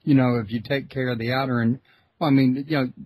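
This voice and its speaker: A male host of a long-running radio show, talking in a folksy, relaxed way with plenty of fillers. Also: medium pitch, quick pace, husky, dry recording, low-quality recording. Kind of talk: casual interview talk.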